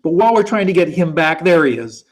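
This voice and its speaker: A man's voice: on the high side, very animated, fast talker. Chatty male live-stream host. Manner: chatty, thinking aloud. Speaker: show host. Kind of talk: casual live-stream hosting. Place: Poland. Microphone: video call.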